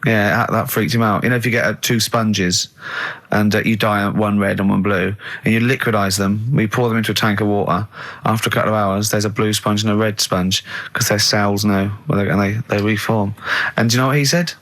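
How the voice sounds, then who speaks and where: A man's voice: fairly low pitch, fairly even intonation, a little fast, a bit bright. A man with an English accent hosting a radio show, teasing his co-hosts, laughing often, and telling anecdotes. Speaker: radio host. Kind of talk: casual radio banter. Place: radio studio.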